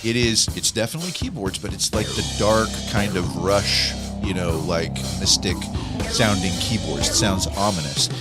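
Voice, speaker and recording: A man co-hosting a podcast, telling music history stories in a casual, animated way and acting out quoted people. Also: low-pitched, moderate pace. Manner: animated storyteller, acts out quoted voices. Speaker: podcast co-host. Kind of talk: casual storytelling chat.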